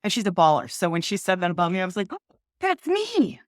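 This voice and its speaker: A woman's voice: on the low side, rapid-fire, no echo. Lady author on a podcast, bubbly and giggly, dry close sound. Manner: bubbly, laughs often, excitable. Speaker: author guest. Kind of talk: casual interview chat.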